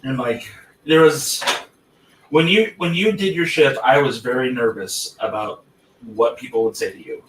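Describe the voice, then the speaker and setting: A male podcast host chats casually, blunt and swearing freely as he interrupts himself and circles through his points. His mid-range voice moves at a moderate pace over background noise, captured by a roomy, distant mic with faint ambience.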